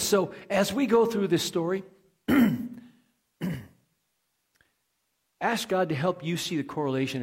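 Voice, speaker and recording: A male pastor delivers a sermon in a relaxed, conversational voice pitched a little high. He asks his listeners questions and throws in homespun asides, often restarting his phrases. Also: breathy edge.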